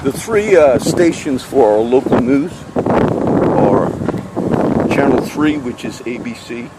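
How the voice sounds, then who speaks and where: Man, casual rambling vlog talk, mid-pitched voice, wind and passing traffic behind. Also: expressive, slow. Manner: chatty, loses his train of thought. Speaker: vlogger. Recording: outdoor wind and traffic noise.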